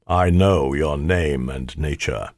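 A man voicing an ancient, aloof male spirit bound to a ring, speaking in a measured, commanding way in an audiobook. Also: a bass voice, darkish tone, no room sound, studio quality, voice pushed down. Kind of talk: audiobook character voice.

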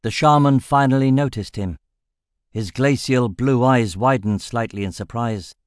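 A man narrating a fantasy audiobook in a steady, measured storytelling voice. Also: medium pitch, no room sound, studio quality.

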